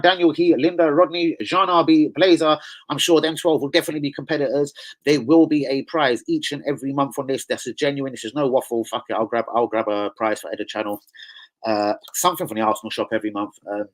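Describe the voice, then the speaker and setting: A man hosting a casual vlog, talking straight to his viewers in animated, streetwise slang and swearing as he rants. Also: medium pitch, low-quality recording. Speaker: channel host.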